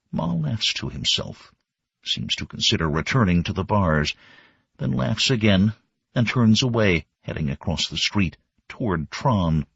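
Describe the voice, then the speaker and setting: Brief: low husky male narrator, slow and measured, dry dull lo-fi recording. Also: no echo. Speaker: audiobook narrator. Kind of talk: scripted narration.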